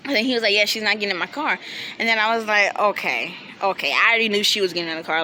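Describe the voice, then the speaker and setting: Bright-voiced young woman telling a story. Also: medium pitch, a little hiss or hum. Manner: animated, laughing, quoting friends in quick bursts. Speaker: vlogger. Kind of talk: casual storytime.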